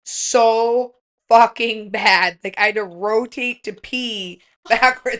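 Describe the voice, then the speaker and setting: A middle-aged woman chatting on a podcast in a bright, fairly high voice. She tells her stories bluntly and swears freely, often breaking into laughter. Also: slow. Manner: blunt, profane, laughing storyteller. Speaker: podcast guest. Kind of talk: casual chat.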